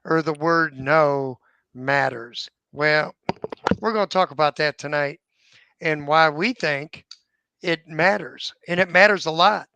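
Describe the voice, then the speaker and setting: A man's voice: fairly high pitch, slow, bright, forceful tone, smooth, dry recording. A man hosting a casual online panel about dog training, easygoing and joking, on a video call.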